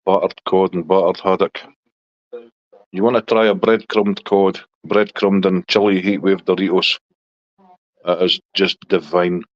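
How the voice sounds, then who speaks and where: A Scottish man hosting a casual live chat with viewers in a relaxed, chatty way. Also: a little slow, dry recording. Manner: relaxed, chatty, talks to his dog in a high baby voice. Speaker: livestream host chatting with viewers. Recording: dull lo-fi dry sound.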